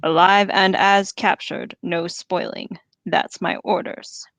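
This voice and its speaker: A brutal orc captain, voiced by a woman reading a book aloud, speaks in a slow, commanding growl. His tone sits low and gravelly. The recording is close and dry. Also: fairly even intonation, a bit bright, no echo.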